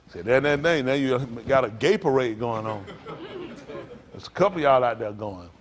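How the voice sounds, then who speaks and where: A middle-aged male pastor preaching to a congregation, rambling through folksy stories and jumping to loud emphasis. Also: medium pitch, fairly quick.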